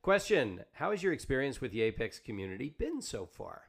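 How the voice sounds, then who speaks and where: A man's voice: mid-range voice, sing-song, fairly quick, gravelly, crowd noise. A man hosting a casual interview podcast. He reads out viewer questions with plenty of uh and um, easygoing and friendly in tone. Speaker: podcast host.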